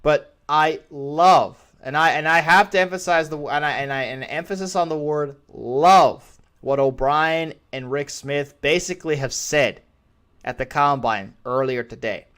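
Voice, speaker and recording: A man's voice: on the high side, moderate pace, a bit bright, clean tone. A man hosting a solo sports talk show, giving his opinions in a rambling way and often restarting phrases. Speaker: podcast host.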